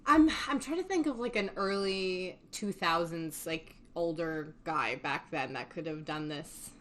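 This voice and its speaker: A woman's voice: lowish voice, animated, unhurried, a bit bright. A young woman hosting a casual podcast, recapping a film in a chatty way, laughing often and swearing casually. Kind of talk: casual chat.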